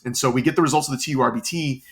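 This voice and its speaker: A man's voice: mid-range voice, fairly even intonation, rapid-fire. A middle-aged man from Florida telling his story in an interview, earnest and often repeating words as he searches for them. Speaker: cancer patient interviewee.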